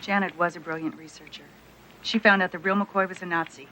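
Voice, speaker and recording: An actress playing a sharp-minded female detective who reasons crisply and insistently, in a 1980s TV comedy. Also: fairly low pitch, steady tone, brisk, slight background noise, rough recording.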